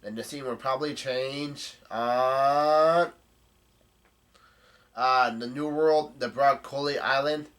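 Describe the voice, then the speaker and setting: A man giving a casual, halting recap of a comic chapter, with salty language. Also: mid-range voice, steady tone, fairly bright tone. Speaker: manga chapter reader.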